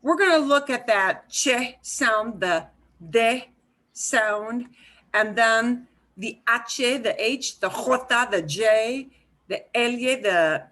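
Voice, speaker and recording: Slow, bright-voiced woman teaching a class. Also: a little high. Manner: patient, explains slowly with repeats and fillers. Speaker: Spanish teacher. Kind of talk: online class instruction. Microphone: video call.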